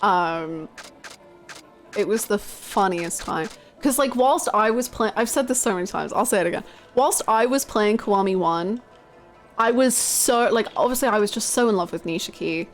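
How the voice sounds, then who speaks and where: A young British woman streaming a game and chatting with viewers, telling stories in an animated, laughing way. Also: mid-range voice, normal speed, soft background music. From United Kingdom. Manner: animated, laughing storytelling, reading chat aloud. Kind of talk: casual live-stream chat with viewers.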